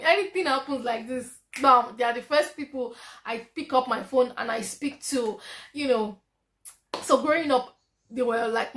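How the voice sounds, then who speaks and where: A young Nigerian woman with a Nigerian accent, animated and laughing often as she tells a story on her vlog. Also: high voice. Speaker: vlogger.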